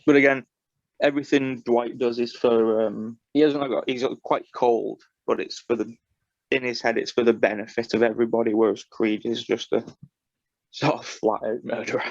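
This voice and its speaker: A man's voice: mid-range voice, flat delivery, normal speed, dry recording, highs cut off. A man co-hosting a podcast, talking in a loose, rambling way with many fillers. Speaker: podcast co-host. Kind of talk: casual chat.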